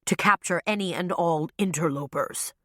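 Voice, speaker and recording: A woman reading an audiobook voices a menacing, craggy older male cult leader with slow, low speech. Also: a bit bright, dry recording, studio quality.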